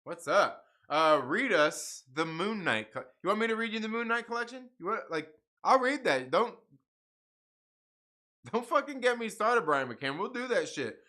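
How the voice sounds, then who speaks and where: A man hosts a casual livestream, talking in a loose, rambling way full of swearing and laughter. His voice sits high and sounds bright and forward. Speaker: livestream host reading comics. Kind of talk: casual profane chat.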